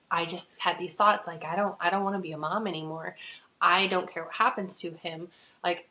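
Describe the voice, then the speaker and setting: A woman's voice: medium pitch, fairly bright tone. A woman in her thirties hosting a podcast, telling her own story candidly in a chatty way, full of "like" fillers. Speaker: podcast host. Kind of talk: casual personal storytelling.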